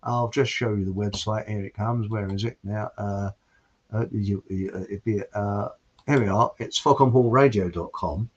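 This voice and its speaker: A man's voice: lowish voice, moderate pace, breathy edge. An older man hosting a rambling, jokey monologue, chatty and often breaking off his own story. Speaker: host. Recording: dull lo-fi sound.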